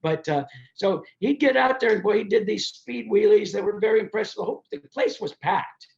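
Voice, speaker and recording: An older man with a rough, gravelly voice pitched a little high tells stories as a podcast guest. He jumps into the voices of the people he describes. The sound is dull and lo-fi. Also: brisk. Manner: animated, acts out quoted voices while telling anecdotes. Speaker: guest, race promoter. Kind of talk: storytelling in a podcast interview.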